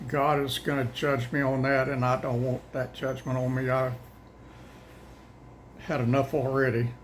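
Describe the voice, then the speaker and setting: Older man, folksy host, short of breath, halting and plain-spoken, average pitch. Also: little pitch movement, a little hiss or hum, rough recording. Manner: rambling, halting, restarts often. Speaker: host of daily Bible readings. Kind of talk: casual chat to viewers.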